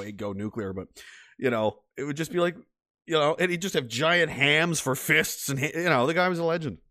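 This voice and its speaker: A man's voice: on the high side, fairly bright tone. A man from Nova Scotia hosting a livestream, reading comments in rambling, profane chat and laughing often. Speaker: host.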